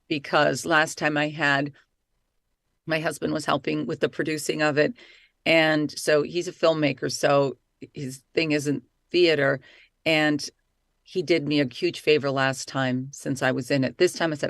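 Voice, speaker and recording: A middle-aged woman, an actress and voice-over artist, chatting excitedly in an interview. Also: low voice, no echo, studio quality. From Italy. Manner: lively, talkative, excitable. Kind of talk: casual interview chat.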